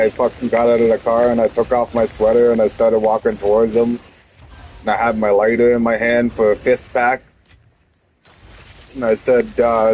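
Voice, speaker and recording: A man's voice: mid-range voice, a little mellow, a little hiss or hum, poor audio. A young man, a streamer telling a heated story to his chat, swearing often and restarting his sentences.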